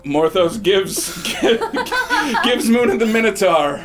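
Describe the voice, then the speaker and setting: A man's voice: high-pitched, wildly swooping pitch, slow pace, over loud music. A man narrating as game master of a tabletop game, laughing often and repeating words as he goes.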